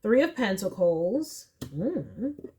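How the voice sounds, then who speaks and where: A young woman giving a casual pick-a-card tarot reading, chatty and animated, with slangy asides. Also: mid-range voice, takes it slowly, a little hiss or hum. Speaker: tarot reader.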